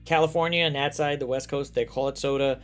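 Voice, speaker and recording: A man from the United States hosting a casual chat show, telling stories in a lively, profane way. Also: mid-range voice, quick pace, smooth, soft background music. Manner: animated, profane storytelling. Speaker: host.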